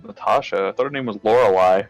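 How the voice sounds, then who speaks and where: A man playing a tabletop game, chatting with quick, animated remarks. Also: fairly low pitch, soft background music, poor audio. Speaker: player. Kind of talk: casual game chat.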